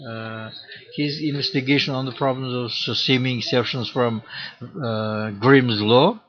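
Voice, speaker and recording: A man lectures at a slow, deliberate pace, pausing often to search for words. His voice sits at a middle pitch. The recording is dull and lo-fi. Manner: slow and halting, many uh fillers. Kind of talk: academic lecture.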